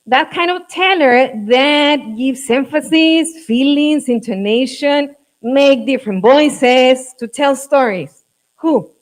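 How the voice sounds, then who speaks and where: Woman, mexican accent, high voice, slow unhurried delivery, workshop leader. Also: low-quality recording. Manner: slow, coaxing, checks on the group often. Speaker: teacher trainer. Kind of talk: classroom workshop.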